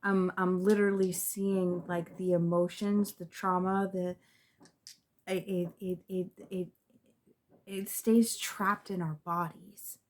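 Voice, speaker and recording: A woman's voice: fairly low pitch, little pitch movement, slow. Reflective woman giving a tarot reading. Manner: reflective, repeats words and restarts, soft trailing endings. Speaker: tarot reader. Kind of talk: spiritual reading to camera.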